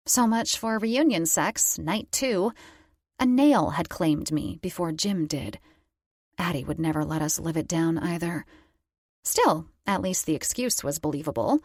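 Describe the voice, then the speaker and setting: A woman's voice: fairly low pitch, expressive, measured pace, a little mellow, dry recording, studio quality. A woman narrating a first-person romance audiobook in a wry, conversational storytelling manner.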